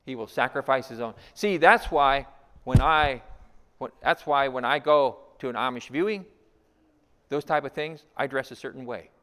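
A man preaching a sermon as pastor, repeating key lines and asking rhetorical questions, swinging between loud emphasis and hushed asides. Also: medium pitch, normal speed, a little hiss or hum. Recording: long reverb of a large hall.

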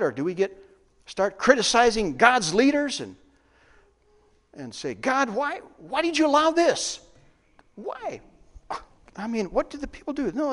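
Lively man preaching in an echoing hall. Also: high-pitched. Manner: lively, questioning the congregation. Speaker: pastor. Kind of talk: sermon. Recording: long reverb of a large hall.

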